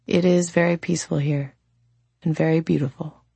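A woman softly voicing a gentle, hushed immortal man. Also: deep voice, fairly even intonation, moderate pace, vocal fry, husky, dry recording, exaggerated voice. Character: gentle male monk-like immortal, quiet and kind.

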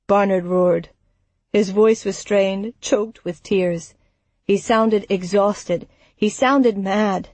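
A woman narrating a dark fantasy audiobook in a measured, even storytelling manner. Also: medium pitch, dry recording. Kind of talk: scripted narration.

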